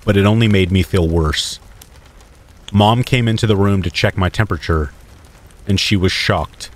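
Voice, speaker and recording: A man reading a scripted first-person horror story in a steady, measured way. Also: low voice.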